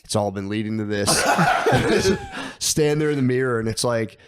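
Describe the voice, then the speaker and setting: A man's voice: medium pitch, big pitch swings, a little slow, background noise. A young man and podcast co-host telling a long story in casual chat, rambling and swearing, with stammered restarts, acting out what he thought and said. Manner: rambling, profane, stammering restarts, acts out his own thoughts.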